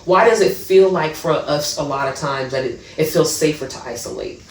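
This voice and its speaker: A woman co-hosting a faith podcast, telling a personal story in an animated way with lively asides. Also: low-pitched, moderate pace, a little hiss or hum. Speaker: podcast co-host. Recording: roomy, distant mic.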